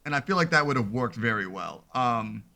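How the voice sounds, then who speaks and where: A man's voice: mid-range voice, lively intonation, a little fast, sharp tone. A man co-hosting a casual podcast, chatty and loose, leaning on fillers like "I mean". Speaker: podcast co-host. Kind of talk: casual chat.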